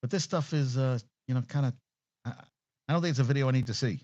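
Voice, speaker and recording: A man's voice: medium pitch, fast, a little mellow, no echo. A man hosting a sports podcast, giving casual solo commentary with blunt, profane rants. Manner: blunt, profane, ranting asides. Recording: dull, dry lo-fi sound.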